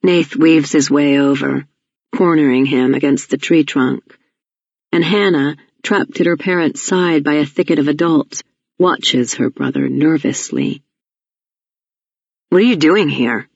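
An audiobook narrator reading a novel in a measured, even storytelling manner. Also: medium pitch, creaky, breathy edge, no echo, lo-fi sound. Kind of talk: scripted narration.

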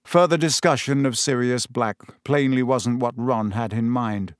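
A man reading a storybook aloud in a measured, expressive narration. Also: medium pitch, no echo, clean studio sound. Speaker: audiobook narrator.

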